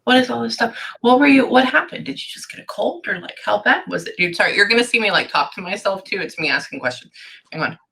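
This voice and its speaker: A woman's voice: mid-range voice, animated, fast talker, vocal fry, pushed and bright. A woman giving a psychic reading to a client, thinking aloud and stopping herself with "hang on" over and over. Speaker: psychic medium.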